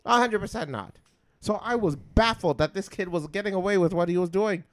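A man co-hosting a podcast in casual chat, telling a story with lots of swearing, dropping to a mumble and then getting loud and worked up. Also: high voice, a little fast, no room sound. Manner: heavy profanity, excitable. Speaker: podcast co-host.

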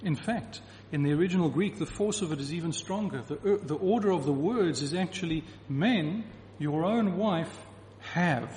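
A man's voice: a little high, brisk, few pauses, dark tone, a little hiss or hum. Man preaching in an echoing hall. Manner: emphatic, repeats key phrases for the congregation. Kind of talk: sermon. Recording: reverberant hall with faint ambience.

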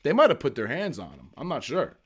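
A man's voice: medium pitch, wildly swooping pitch, fairly quick, husky. A young man from the United States, a guest on a podcast, telling stories in a brash, boisterous way full of swearing. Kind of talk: casual podcast storytelling.

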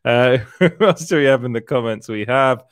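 A male stream co-host with a mid-range, smooth voice talks at normal speed, laughing often and reading out comments from the chat. It's casual live-stream banter, recorded dry and close like a podcast.

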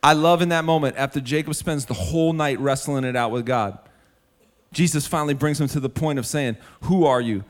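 Animated, fairly high-voiced male preacher. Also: a little fast. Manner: animated storytelling with sudden drops to a hushed, earnest tone; direct address to the congregation. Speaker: preacher and musician. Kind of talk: sermon.

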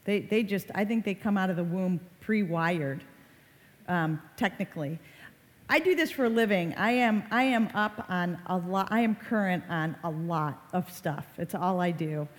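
A woman's voice: on the low side, moderate pace. A woman who works as an online safety educator, talking to parents in a conversational way and acting out short quoted lines. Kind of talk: talk to parents. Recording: reverberant hall.

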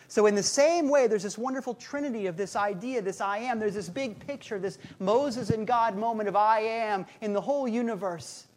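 A man's voice: high-pitched, moderate pace, hardly any pauses, a little mellow, a little hiss or hum. A man preaching a sermon as a pastor, telling stories with humor and driving points home through repetition. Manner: conversational, humorous storytelling with rhythmic repetition.

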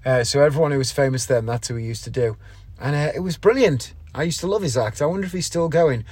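Here a man who hosts a podcast and performs as a variety magician chats loosely, full of asides and ums. His slightly high, somewhat mellow voice has a touch of roughness, moves fast, and was captured in a dry recording.

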